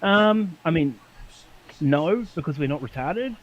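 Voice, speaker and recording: Lively New Zealand man, blunt. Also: a little high, measured pace, highs cut off. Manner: blunt, swearing, mock-outraged. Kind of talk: casual group chat.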